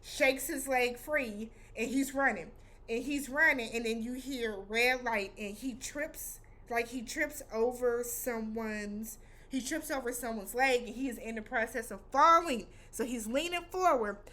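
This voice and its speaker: A woman vlogger retells an episode in a loose, chatty way, full of slang and acted-out reactions. Her voice sits slightly high and stays animated throughout. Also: measured pace. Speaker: vlog host reviewing a TV episode. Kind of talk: casual recap vlog.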